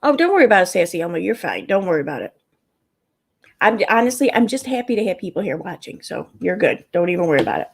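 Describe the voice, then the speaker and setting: A woman's voice: fairly low pitch, sing-song, quick pace, vocal fry, breathy edge. A woman with a Midwestern American accent hosting a casual livestream, rambling, swearing and answering her chat. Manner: rambling, profane, talks to chat. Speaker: livestream host.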